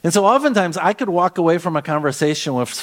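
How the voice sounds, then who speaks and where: A middle-aged man from Minnesota preaching a sermon as pastor, talking in a conversational, storytelling way with lively asides. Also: on the high side, fast talker.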